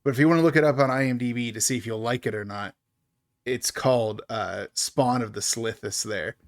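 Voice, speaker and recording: A man's voice: medium pitch, fairly quick. A man co-hosting a podcast, chatting casually about a horror movie and laughing often. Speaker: podcast co-host. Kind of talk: casual movie review chat.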